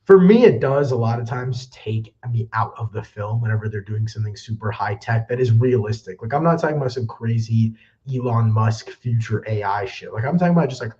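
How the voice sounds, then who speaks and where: Warm and expressive, this young man's mid-range voice moves a little fast as he runs a casual movie news livestream. He sounds slightly winded, rambling and apologetic, and he's quick to make fun of himself. A backup mic replaces his usual one, leaving the sound dull and lo-fi.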